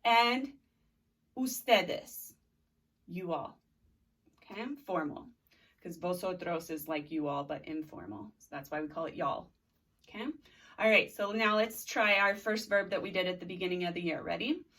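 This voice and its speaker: A Spanish teacher in her thirties leads a recorded video lesson, drilling vocabulary and prompting students to repeat after her. Her voice is lowish and fairly bright, at a moderate pace with frequent pauses, and the mic is distant.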